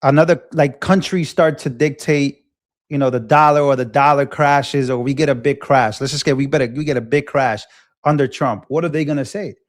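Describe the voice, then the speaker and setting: A man in his twenties hosting a livestream, talking in an impassioned, animated way and often repeating himself while answering chat. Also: mid-range voice, normal speed. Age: 20s. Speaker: livestream host.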